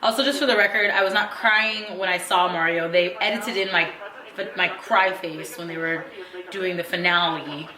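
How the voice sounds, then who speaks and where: A young woman and beauty influencer telling stories in a chatty, animated way with casual slang as she reacts to a video. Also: on the low side, moderate pace, a crowd in the background. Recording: echoey room sound.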